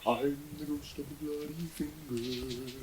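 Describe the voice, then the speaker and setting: A man voicing an eerie ghost with bloody fingers, in a slow, drawn-out, droning voice. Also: on the high side, fairly even intonation, noisy background, natural voice.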